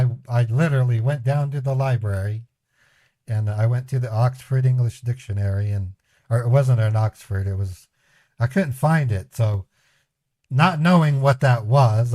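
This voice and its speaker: Telling meandering family stories to his live chat, the host of a scambaiting stream chuckles and acts out quotes in a casual, storytelling manner. He has a warm, mid-range voice at a moderate pace, recorded dry.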